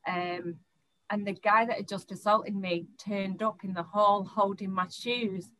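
A young woman tells her own story to an interviewer in a mid-pitched voice. She talks in halting bursts, restarting sentences and repeating words as she gathers her thoughts. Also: fairly even intonation, fairly bright tone, rough recording. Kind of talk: personal account in an interview.

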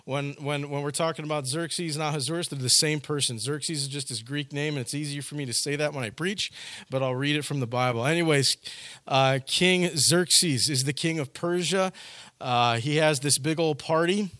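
A man's voice: on the high side, moderate pace, a bit bright, dry recording. A male pastor preaching a sermon in a casual storytelling way, often restarting his phrases.

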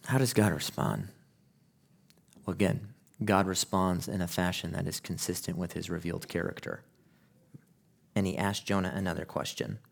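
A man's voice: deep voice, fairly even intonation, normal speed, gravelly, pauses often. Emphatic male preacher. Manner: emphatic, swings from hushed to loud; rhetorical questions to the listener. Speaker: pastor. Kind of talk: sermon.

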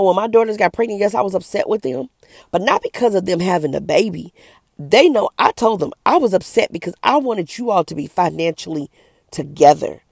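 A middle-aged woman speaks to camera as an evangelist, earnest and emphatic in a preachy testimony. Her voice is gravelly with a rough edge. It is recorded dry and close, with no room sound. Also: on the low side, a little mellow, no room sound.

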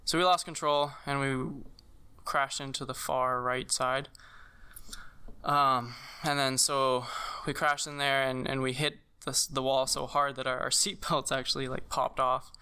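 A young man telling a personal story in casual conversation, halting, with many fillers and restarts. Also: mid-range voice, level tone, pushed and bright, clear, resonant tone. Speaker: guest sharing a personal story.

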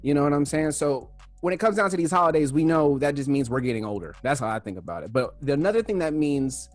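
Animated young man telling stories. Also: fairly high pitch, fast talker, no echo, faint music behind. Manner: animated storyteller, acts out quotes loudly. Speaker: podcast co-host. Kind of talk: casual chat, storytelling.

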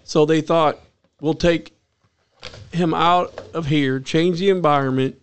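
A man's voice: on the high side, steady tone, slow, smooth. A man co-hosting a casual podcast, plainly retelling a story and swearing now and then. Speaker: podcast co-host. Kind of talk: casual chat.

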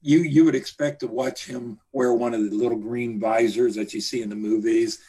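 Husky guy talking in an interview, lots of uhs and repeats, mid pitch. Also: fairly even intonation, dark tone. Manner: halting, repeats words, many fillers. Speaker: interview guest, trade journalist. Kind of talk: conversational interview, reminiscing.

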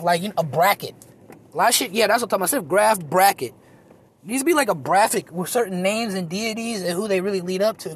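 Rambling, profane man, high voice. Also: a bit bright. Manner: rambling, profane, self-mocking. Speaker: comedian. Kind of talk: casual monologue recording. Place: outdoors in a park. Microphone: phone.

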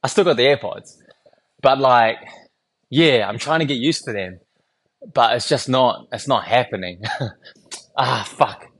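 A man's voice: mid-range voice, measured pace, long pauses. Candid young man rambling on a podcast. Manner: loose and candid, swears often, laughs between thoughts. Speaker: solo podcaster. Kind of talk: casual rambling storytelling. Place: small home podcast studio.

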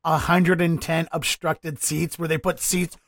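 High voiced dude from baltimore hosting a podcast, rambling questions, dry sound. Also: male voice, flat delivery, a little slow, a bit bright, dry recording. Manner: chatty, meandering questions. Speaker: podcast host. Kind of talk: casual podcast interview.

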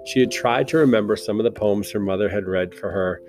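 A man reads a novel aloud as a narrator, in a slow, measured style. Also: fairly low pitch. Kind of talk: audiobook narration. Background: soft guitar music.

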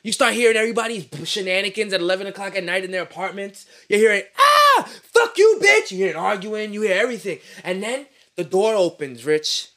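A man's voice: high-pitched, quick pace, hardly any pauses, fairly bright tone. A young man, chatting casually on a podcast and telling profane street-slang stories with energy. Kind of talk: casual chat.

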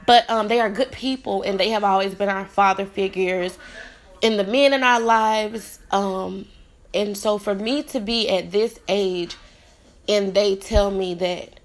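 On her own motivational podcast, a host in her thirties speaks directly to listeners, earnest and heartfelt, in an ordinary mid-pitched female voice. She offers encouragement with open sincerity and is tearful at times.

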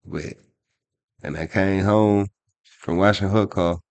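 Deep gravelly male podcast co-host. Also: steady tone, slow pace, no echo. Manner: profane, rambling storytelling with many restarts. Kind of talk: casual chat.

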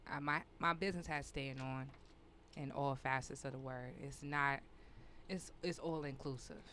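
Woman with a low, bright voice, swearing her way through a blunt story, little bit of hiss behind. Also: steady tone, normal speed. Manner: candid, profane storytelling. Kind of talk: casual chat.

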